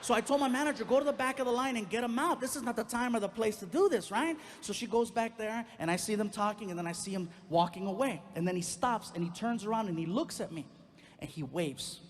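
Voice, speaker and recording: A male stand-up comedian telling a long personal story on stage, animated and acting out the other voices. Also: sits high, quick pace, slight background noise. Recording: live hall recording with long reverb.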